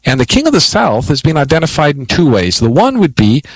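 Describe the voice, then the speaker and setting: A man hosting a call-in radio show, explaining Bible prophecy to callers in a measured teaching manner with frequent "uh" fillers. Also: fairly high pitch, wildly swooping pitch, breathy edge, no room sound, poor audio. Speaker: radio Bible answer host.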